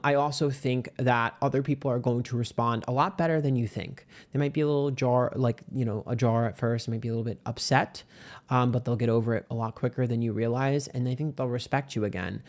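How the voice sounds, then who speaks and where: A man reads tarot cards in a loose, chatty way, at a middle pitch for a man. He is brash and sassy and swears freely. His voice leaps high whenever he wants to hammer a point home. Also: darkish tone. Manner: swings into sudden high-pitched emphasis. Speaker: tarot reader. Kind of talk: casual pick-a-card tarot reading.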